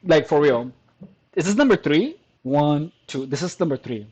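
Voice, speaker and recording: A man's voice: a little high, expressive, moderate pace, darkish tone, husky, low-quality recording. A man doing casual, crude commentary on online comments, scoffing, laughing often and restarting his sentences, talking at home. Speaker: commentary vlogger reacting to comments.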